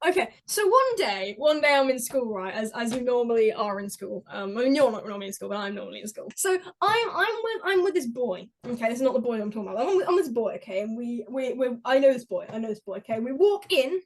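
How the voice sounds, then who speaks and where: A woman telling stories in an excitable, rambling way on a podcast, with many restarts. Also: on the high side, fast, few pauses. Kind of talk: casual chat, rambling storytelling. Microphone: podcast mic.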